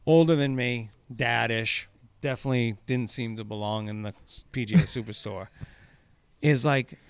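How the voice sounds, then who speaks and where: A man's voice: mid-range voice, moderate pace, clean tone, no echo. A man hosting a podcast, telling stories in a casual chat, laughing and swearing freely. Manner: laughing, profane storyteller. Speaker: podcast host.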